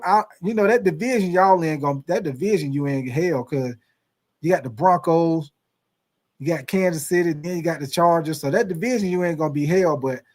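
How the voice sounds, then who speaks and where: A man hosting a casual sports live stream, reading viewer comments in a laid-back drawl and calling them y'all. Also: fairly high pitch. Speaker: sports livestream host.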